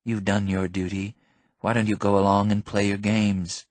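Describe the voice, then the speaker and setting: A man's voice: lowish voice, flat delivery, moderate pace, dry recording, natural voice. A man voicing a tall, thin, bitter grieving father in an audiobook, sneering and cutting. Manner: sneering, bitter, breaks into sobbing rage. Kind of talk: audiobook character voice.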